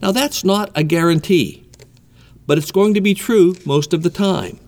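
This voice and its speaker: A man delivers a sermon in an emphatic manner, stressing and repeating his key points. His voice sits somewhat high for a man. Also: moderate pace, darkish tone. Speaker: preacher.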